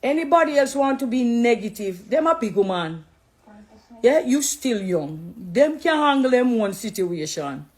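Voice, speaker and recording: A woman's voice: a little high, very animated, measured pace. A middle-aged Jamaican woman talking straight to her viewers, preachy and affectionate, slipping between English and patois. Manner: warm, preachy, switching into patois. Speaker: dancehall artist turned Christian. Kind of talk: direct address live video.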